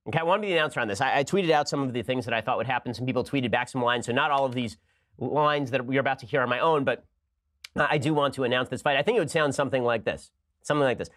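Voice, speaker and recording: A man talks quickly and sarcastically as a commentary host, swinging between mock seriousness and giddy delight. His voice sits a little high for a man, and he jumps up in pitch when he gets excited. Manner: rapid, sarcastic, animated, breaks into laughter. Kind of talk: casual comic commentary.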